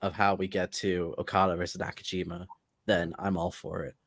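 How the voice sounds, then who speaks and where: A man's voice: deep voice, little pitch movement, brisk, gravelly, a bit bright, no echo. A man co-hosting a wrestling podcast, chatting casually and laughing. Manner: laughing, acts out quoted lines. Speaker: podcast co-host. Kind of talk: casual chat.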